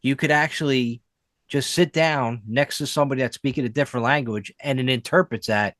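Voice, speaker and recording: A man's voice: medium pitch, fairly quick, no room sound. Casting: male podcast co-host, rambling, easygoing, dry close mic. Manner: rambling, lots of fillers, animated storytelling. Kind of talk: casual chat.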